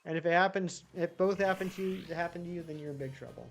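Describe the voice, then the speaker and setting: Streamer voice, mid pitch, casual rambling chat with viewers, faint music underneath. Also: fast talker, gravelly. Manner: rambling, chatty, reads and answers chat. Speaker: live-streaming gamer.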